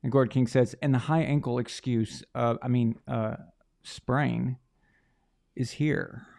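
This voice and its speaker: A man's voice: mid-range voice, steady tone, slow pace, gravelly, darkish tone. A man hosting a live sports watch stream, talking casually to his chat and often restarting sentences. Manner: chatty, rambling with frequent restarts.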